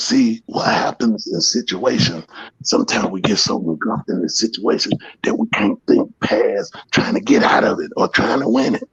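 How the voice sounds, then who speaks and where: A man's voice: lowish voice, no echo. A man telling rambling, profane stories on a podcast and acting out what people said. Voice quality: gravelly, husky. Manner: profane, rambling, re-enacting quotes. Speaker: podcast storyteller. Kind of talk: casual storytelling. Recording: muffled dry sound.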